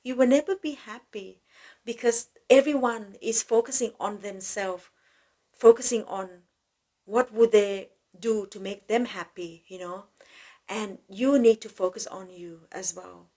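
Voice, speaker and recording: Slow, gentle woman speaking softly. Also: medium pitch. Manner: gentle, slow, soothing, non-native grammar. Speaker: podcast host. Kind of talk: spiritual self-help talk.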